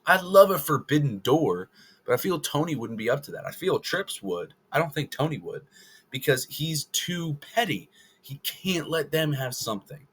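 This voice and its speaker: A man's voice: a little high, very animated, normal speed, fairly bright tone, husky. A man giving casual opinion commentary to the camera, rambling and correcting himself as he goes. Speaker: wrestling video creator.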